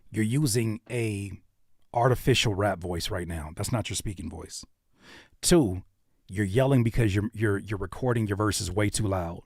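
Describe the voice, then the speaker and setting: A man's voice: on the low side, a little mellow, no echo, studio quality. A man hosting a livestream, giving blunt, coaching critiques of submitted songs. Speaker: music reviewer and livestream host.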